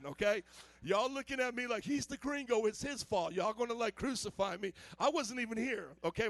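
A man preaching a casual, joking sermon in an animated way, full of fillers. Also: sits high, dry recording. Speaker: pastor.

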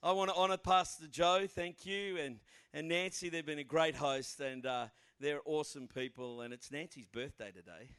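A man's voice: a little high, normal speed, hardly any pauses, a bit bright, clear, resonant tone. Chatty Australian man preaching. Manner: chatty, self-deprecating, frequent fillers. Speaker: guest pastor. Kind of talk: informal sermon. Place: church.

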